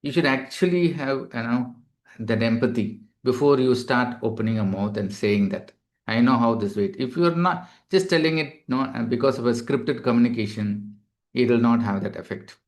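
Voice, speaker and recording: A male doctor giving a webinar lecture to healthcare staff, explaining patiently and filling pauses with "you know". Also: mid-range voice.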